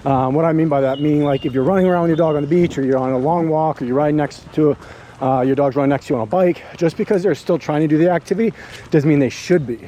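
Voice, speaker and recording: A man's voice: fairly high pitch, fast talker, warm tone, slight background noise. Chatty dog trainer man vlogging outdoors. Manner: chatty, talks to his dogs between remarks. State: out of breath. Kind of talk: casual vlog narration while walking and driving. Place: outdoors on a beach walk near a road, then in a car.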